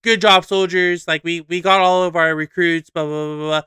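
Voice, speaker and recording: A man's voice: high-pitched, fairly even intonation, moderate pace, bright, forceful tone, clean tone, dry recording, studio quality. A man mimicking a brash male cartoon raccoon commander while telling a story, barking out bossy announcements.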